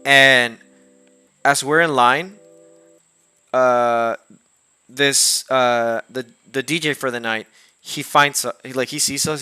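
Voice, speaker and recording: A man from the United States tells a casual story to his stream. His voice is bright and smooth, and he rambles with plenty of fillers and false starts. Faint background music plays under him. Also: medium pitch, unhurried. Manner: rambling with many fillers and restarts. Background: soft background music.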